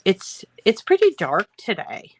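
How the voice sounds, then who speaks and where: Older woman, slow unhurried pace, chatty crafting tutorial, rambling asides. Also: medium pitch, wildly swooping pitch, breathy edge, low-quality recording. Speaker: crafting channel host. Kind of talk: casual crafting tutorial chat.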